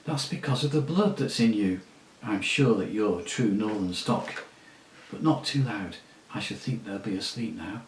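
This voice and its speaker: A man reading aloud, voicing a proud male talking war horse with a brisk, commanding, scornful manner. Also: lowish voice, animated, echoey room, slight background noise, lightly acted, low-quality recording. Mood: gentle. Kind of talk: audiobook reading.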